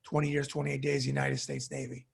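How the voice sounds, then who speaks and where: A man's voice: mid-range voice, very animated, fairly quick, creaky, breathy edge. A middle-aged man with a New York accent, hosting his own show and delivering an angry, profane rant straight to his viewers. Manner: heated, cursing, blunt. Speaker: commentary show host.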